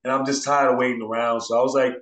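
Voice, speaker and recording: A man's voice: medium pitch, level tone, fast talker, a bit bright. A man, a DJ guest in an interview, telling stories casually and acting out the voices of people he quotes. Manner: laid-back, acts out quoted voices. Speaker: DJ and turntablist guest. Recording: roomy echo.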